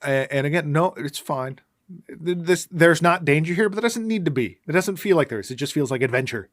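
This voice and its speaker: A man's voice: a little high, expressive, brisk, no room sound, studio quality. A man co-hosting a podcast, recapping a movie in casual chat with a sarcastic, ranting manner. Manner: sarcastic, ranting, puts on silly voices. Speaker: podcast co-host.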